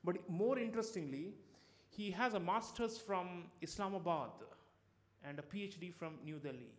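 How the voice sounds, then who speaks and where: Male panel moderator, hesitant with frequent ums, slightly high-pitched voice. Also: moderate pace. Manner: hesitant, many ums and uhs. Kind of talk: conference moderation.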